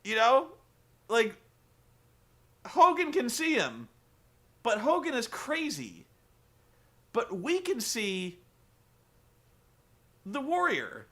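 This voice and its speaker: A man hosting a casual comedic wrestling recap, animated, laughing and swearing casually. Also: extremely high pitch, slow, long pauses.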